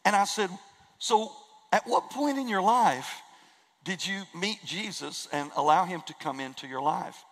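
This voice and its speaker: A man's voice: high-pitched, unhurried, fairly bright tone, in a large hall, rough recording. A man preaching a sermon in a church, earnest and emphatic, repeating key phrases for weight. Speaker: pastor. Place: church sanctuary.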